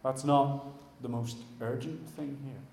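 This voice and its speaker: A man's voice: mid-range voice, unhurried, vocal fry, a little mellow, slight background noise. A man preaching a sermon, talking conversationally and addressing his congregation directly in a church hall. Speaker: pastor.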